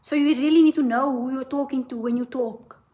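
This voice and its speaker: A woman's voice: high voice, steady tone, a little fast, warm tone. A woman giving a tarot reading as a blunt, profane, impassioned rant, asking "right?" again and again. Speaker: tarot reader.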